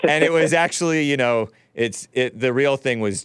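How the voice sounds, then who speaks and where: Laid-back guy hosting a call-in show, smooth clean voice, dry close sound, rambles and laughs. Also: mid-range voice, moderate pace, no room sound. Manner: chatty, laughs often, loose and rambling. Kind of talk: casual call-in talk.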